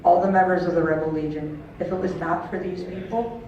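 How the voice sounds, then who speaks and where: A woman's voice: lowish voice, fairly even intonation, brisk, darkish tone. A woman in her thirties giving a heartfelt personal story to an audience at a charity event, acting out the voices of people she quotes. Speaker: speaker at a charity auction. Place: large event hall. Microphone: handheld camera far from the stage. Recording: distant, dull and very echoey with faint room noise.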